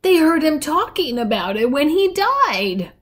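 A woman reading aloud, voicing a forgetful, vague old grandmother in a slow, wandering way. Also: high-pitched, very animated, pitched above the performer's own voice. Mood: faraway.

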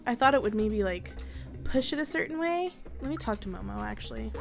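A woman's voice: a little high, lively intonation, brisk, gravelly. A young woman giving casual let's play commentary, chatty and emotional, swearing often and sometimes dropping to a whisper. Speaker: gaming streamer. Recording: game music playing behind.

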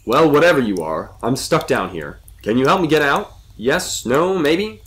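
A man's voice: mid-range voice, sing-song, normal speed, fairly bright tone, pitched above the performer's own voice. A man playing a frustrated young man trapped in a cave, firing off urgent questions at a mysterious voice.

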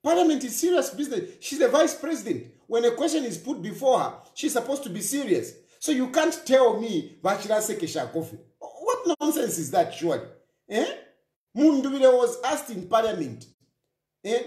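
A man's voice: very high voice, big pitch swings, moderate pace, a little mellow, echoey room. A Zambian man hosting a political talk show, giving emphatic commentary and repeating his points. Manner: emphatic, repeats phrases, mixes in local language.

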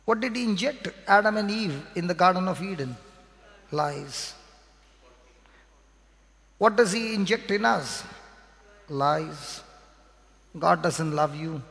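A man with an Indian English accent preaches in a high, gravelly voice. He drives each point home by repeating it and quizzing the congregation. The sound carries a long echo from the hall. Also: expressive, slow pace, long pauses, a bit bright. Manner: repetitive, emphatic teaching with call-and-response questions. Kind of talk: sermon. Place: church hall. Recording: reverberant hall.

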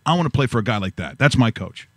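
Male sports-talk co-host, deliberate and opinionated, dry close sound. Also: medium pitch, animated, a bit bright, no echo. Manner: measured, opinionated, repeats words as he thinks.

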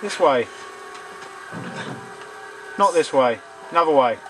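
A man narrates his gameplay in an excitable way, swearing jokingly at the game. His voice is a little higher than usual for a man. It swings up and down a great deal. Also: slow, slight background noise, rough recording. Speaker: let's play gamer. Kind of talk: gaming commentary.

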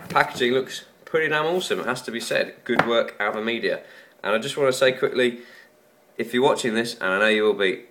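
A man's voice: medium pitch, noisy background. A man talking casually through an unboxing, rambling and joking at his own expense. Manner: rambling, chatty and self-mocking. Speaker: tech YouTuber.

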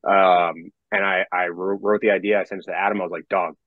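A man's voice: low voice, flat delivery, fast, no echo, narrow, tinny audio. A young man, a metal songwriter, talking casually on a podcast, rambling with many restarts and casual swearing.

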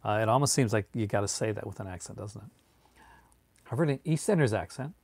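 This man from Newfoundland, Canada, speaks with a Newfoundland accent in a lowish, slightly mellow voice that's expressive and racing. As a streamer answering viewer chat, he talks casually and wanders off on tangents, with no echo in the recording.

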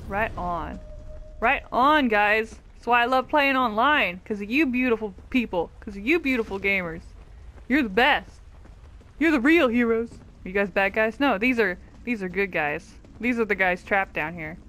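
A woman's voice: on the high side, expressive, moderate pace, a bit bright. A woman giving casual, bubbly and self-mocking commentary while playing an online game. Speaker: gaming youtuber.

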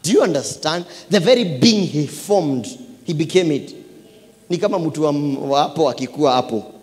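A man preaching a lively sermon with a fairly high voice. He drops to hushed asides, then rises to loud exclamations, and he repeats phrases for emphasis. His voice rings through a church hall with a long reverb. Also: normal speed. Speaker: pastor.

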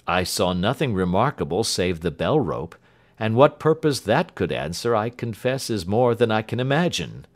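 A man's voice: on the low side, big pitch swings, moderate pace. A man reading an audiobook who voices an earnest, loyal Victorian male doctor asking plain questions. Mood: questioning.

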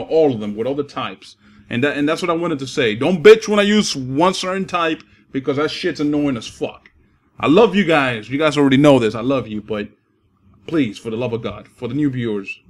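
A young man giving casual gameplay commentary, swearing and trash-talking as he plays. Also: medium pitch. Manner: profane, trash-talking, excitable. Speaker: gaming commentator.

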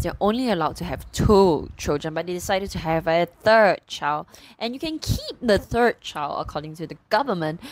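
A woman chatting casually about a book as a reviewer, retelling it in a rambling, animated way full of fillers. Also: lowish voice, noisy background.

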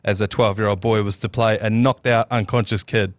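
A man's voice: on the low side, brisk, no echo. Kiwi guy telling a story on a podcast, laughs a lot, dry close mic. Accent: New Zealand. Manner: lively storytelling, often laughing mid-sentence. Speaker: podcast co-host. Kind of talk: casual chat.

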